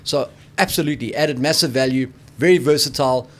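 A man's voice: medium pitch, fast talker, few pauses. Blunt, opinionated man talking rugby. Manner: opinionated, blunt, says "mate". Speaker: rugby podcast co-host. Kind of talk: casual sports chat.

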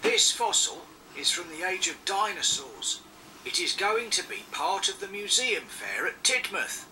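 A man's voice: high-pitched, very animated, unhurried, distant mic, background noise, pitched above the performer's own voice. A man voicing a cheerful old male steam engine, proud of his age, in a children's storybook reading, with a chirpy, friendly manner.

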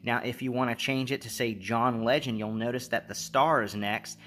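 A man's voice: medium pitch, fairly even intonation, moderate pace, fairly bright tone, a little hiss or hum. A man hosting a tech tutorial, giving easygoing, repetitive step-by-step instructions with casual fillers.

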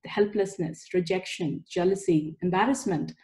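A woman's voice: lowish voice, moderate pace, mellow. A woman in her forties giving a chatty, anecdote-filled parenting talk, with frequent laughs. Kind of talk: casual presentation talk.

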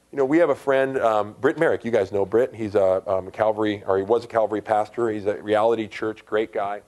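A middle-aged man, a pastor giving a conversational sermon with loud, emphatic rises in his voice. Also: lowish voice.

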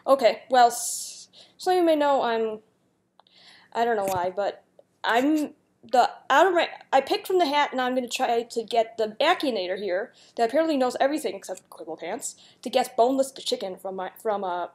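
A woman's voice: on the high side, a little mellow. A young woman YouTuber chatting casually and giggling as she reads out a guessing game's questions and answers them. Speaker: YouTuber playing a guessing game. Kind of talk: casual gameplay commentary.

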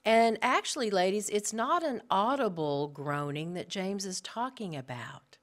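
A middle-aged woman teaching a women's Bible study to a live group, earnest and animated, speaking straight to her listeners. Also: medium pitch, a little slow. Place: room with a live audience.

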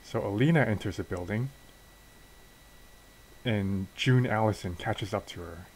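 A man's voice: fairly low pitch, unhurried, long pauses, darkish tone, a little hiss or hum, poor audio. A man casually narrating a wrestling game story as a let's play, with fillers and restarts.

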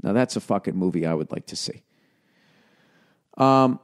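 A man's voice: sits low, lively intonation, normal speed, long pauses. A middle-aged man with a Boston accent, a podcast host reading sponsor ads and breaking off into profane, sarcastic asides. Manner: profane, sarcastic, shifts between reading copy and riffing. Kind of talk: ad read with riffing asides.

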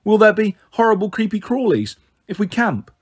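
A man's voice: sits high, sing-song, moderate pace, husky, pitched above the performer's own voice, exaggerated voice. A man voicing a timid, fretful little girl with a worried, hesitant way of talking.

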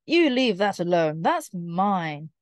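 Woman doing a snarling, menacing male rat for a read-aloud; loud, raised, dry. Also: fairly low pitch, very animated, slow, no echo. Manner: snarling threats.

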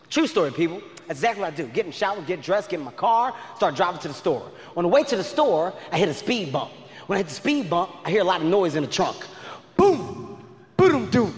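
A man doing stand-up comedy, telling a story in an animated way and shouting his punchlines. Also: high-pitched. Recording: live venue with long reverb and faint ambience.

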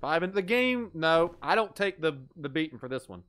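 A man's voice: a little high, big pitch swings, moderate pace, a bit bright. A young adult man giving live gameplay commentary as a streamer, goofy and joking, swearing at his mistakes.

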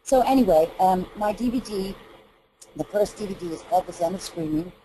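A woman's voice: on the low side, expressive, fairly quick, warm tone, slight background noise, low-quality recording. A middle-aged woman from Texas, a vocal coach, explaining singing technique in earnest, hesitant speech with frequent fillers. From Texas, USA. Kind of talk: explanatory interview talk.

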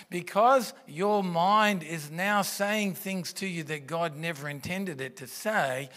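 A man's voice: a little high, fairly bright tone. A man, preaching a sermon in a church and speaking into a stage microphone in an earnest, conversational way with rhetorical questions. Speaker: pastor. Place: church auditorium.

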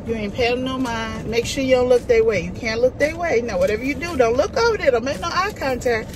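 A woman from New Jersey vlogging in a casual, animated way, telling stories and playfully acting out conversations. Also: fairly high pitch, fairly quick, background noise. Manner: chatty, animated storytelling with playful put-on voices. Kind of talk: casual vlog chat.

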